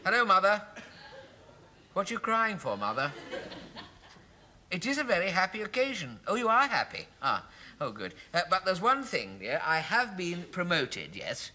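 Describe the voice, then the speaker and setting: A flustered, giggly clerk. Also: male voice, high voice, huge pitch swings, normal speed, long pauses, pushed and bright, a little hiss or hum, exaggerated voice. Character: fussy, excitable office clerk man, mother-ruled. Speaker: sitcom lead actor. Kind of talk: 1970s television sitcom acting.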